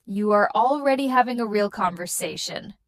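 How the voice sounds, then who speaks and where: A young woman teaching a beginner English lesson with slow, clear and encouraging delivery. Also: mid-range voice, no room sound.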